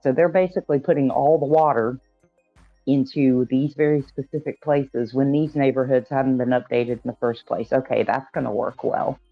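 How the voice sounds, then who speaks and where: Measured man on a dull line. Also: medium pitch, steady tone, dry recording, faint music behind. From Georgia, US. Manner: measured, explaining step by step. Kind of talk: explanatory casual talk.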